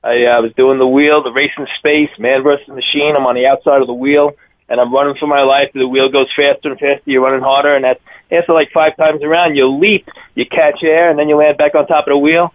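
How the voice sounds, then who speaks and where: A man in his fifties with a thick Long Island accent, telling his circus stories in an energetic, rambling way as a radio interview guest. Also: medium pitch, brisk. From Long Island, New York. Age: 50s. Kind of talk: phone interview. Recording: tinny phone line.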